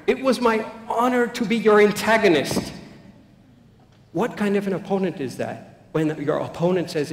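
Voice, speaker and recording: A man's voice: high voice, moderate pace. Man telling stories in an echoey hall. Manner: animated, anecdotal, acts out quotes, soft-spoken at key points. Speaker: speaker giving a talk. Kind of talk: storytelling public talk. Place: large hall. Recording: echoey hall with long reverb.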